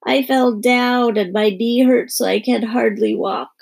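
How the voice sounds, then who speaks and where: A woman's voice: high-pitched, expressive, unhurried, gravelly, husky, voice pushed up, exaggerated voice. A woman voicing a whiny eight-year-old crybaby girl who bawls and sobs. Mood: wailing. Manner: bawling, sobbing, wailing.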